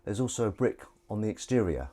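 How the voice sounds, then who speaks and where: A man's voice: fairly low pitch, sing-song, a little fast, mellow. A man with a Southern English accent hosting a casual livestream, rambling and joking while washing up and reading out chat messages. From England. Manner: rambling, jokey, reads chat aloud. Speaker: livestream host. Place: kitchen at a sink. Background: running water and clinking dishes.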